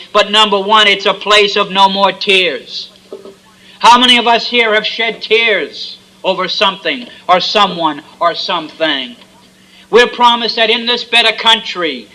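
A man's voice: sits high, bright, forceful tone, low-quality recording. A man preaching a fervent sermon, with repeated refrains and frequent amens.

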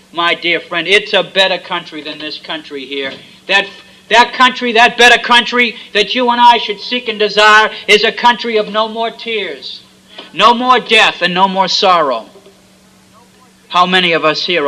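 A man's voice: sits high, bright, forceful tone, rough recording. A man preaching a fervent sermon, with repeated refrains and frequent amens.

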